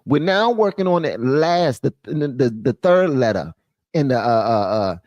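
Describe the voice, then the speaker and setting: Male live-stream host, animated slangy riffing, bouncy intonation. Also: mid-range voice, a little slow, dry recording, highs cut off. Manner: animated, slangy, reads quotes aloud and riffs on them. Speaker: commentary channel host. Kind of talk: live-stream news commentary.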